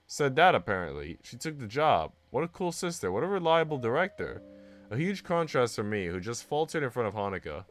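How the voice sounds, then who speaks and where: A man streaming, reading a visual novel aloud in an animated way with asides. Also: mid-range voice, fairly quick. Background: faint game music.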